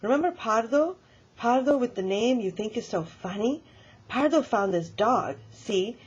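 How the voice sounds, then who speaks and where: A woman voicing an elderly grandmother who tells a story about her own stubborn childhood in a lively, emphatic way. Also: a little high, a little slow, husky, lo-fi sound, voice pushed up, exaggerated voice. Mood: storytelling.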